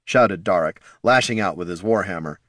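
A man narrating a fantasy audiobook in a measured, dramatic manner. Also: deep voice, fairly bright tone, dry recording, studio quality.

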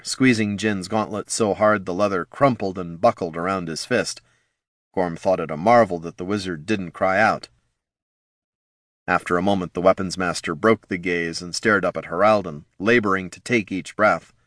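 A man narrating a fantasy audiobook in a steady, measured storytelling manner on a close studio mic. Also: low voice, no room sound.

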